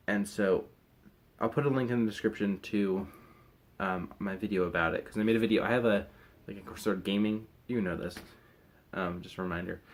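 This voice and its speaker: A young man chatting casually to camera in a rambling, hesitant way, full of fillers and restarts. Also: lowish voice. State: recovering from wisdom teeth removal. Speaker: vlogger.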